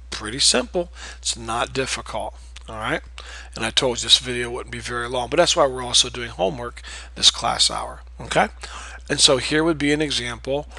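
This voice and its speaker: Male teacher, bright tone, dry close sound, patient, repeats terms. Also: mid-range voice, creaky, dry recording, poor audio. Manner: patient, repeats key terms, checks in with "okay?". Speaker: math teacher. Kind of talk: recorded classroom lecture.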